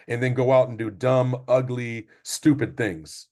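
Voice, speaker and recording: A middle-aged basketball coach gives a parent training presentation, delivering an emphatic, repetitive motivational talk to sports parents. His mid-range voice is a little mellow, at normal speed with hardly any pauses.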